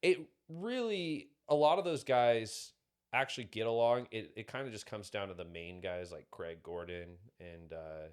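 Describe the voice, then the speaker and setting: A man's voice: fairly low pitch, normal speed, smooth. A man talking casually on a podcast, rambling through stories with lots of fillers. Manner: rambling, filler-heavy storytelling. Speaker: podcast guest.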